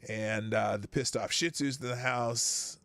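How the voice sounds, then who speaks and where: This livestream host has a mid-range, fairly bright voice with a steady tone, speaking a little slowly on a dry recording. He reads viewers' names off the chat, rambling in a chatty way and laughing to himself.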